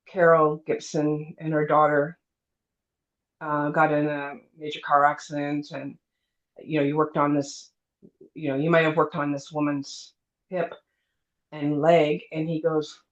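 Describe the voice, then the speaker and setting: A middle-aged woman tells a personal story to an interviewer at an easy, casual pace. She slips into the voices of the people she quotes and leans on fillers like "you know" and "um". The recording is a bit dull and lo-fi. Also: low voice. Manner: lively storyteller, acts out quoted dialogue, many fillers. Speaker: guest telling her near-death story. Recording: dull lo-fi sound.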